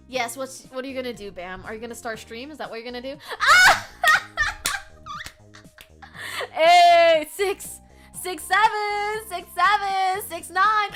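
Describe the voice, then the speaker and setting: A woman's voice: sits high, a bit bright. A woman streamer chatting casually and animatedly, laughing often and swearing freely. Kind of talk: casual chat.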